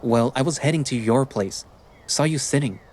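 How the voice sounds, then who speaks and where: A man's voice: mid-range voice, moderate pace, a little mellow, close to an everyday voice. A man voicing a hurt, pleading young best friend. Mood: friendly, awkward. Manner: pleading, earnest, swearing when upset. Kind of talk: visual novel reading.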